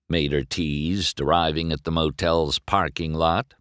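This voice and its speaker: A man narrating a children's storybook aloud in a slow, expressive storytelling manner. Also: a bass voice, no echo, studio quality.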